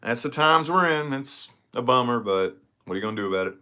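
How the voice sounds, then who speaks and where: A man's voice: medium pitch, brisk. A man chatting casually to camera in his vlog, rambling and profane as he tells stories. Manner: rambling, profane, animated storytelling. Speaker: vlogger.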